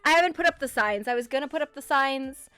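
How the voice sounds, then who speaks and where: High, lively woman rambling on stream. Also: fast, no room sound, soft background music. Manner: rambling, many fillers and restarts, casual swearing, frequent laughter. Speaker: streamer talking about her roleplay character. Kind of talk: casual live-stream chat.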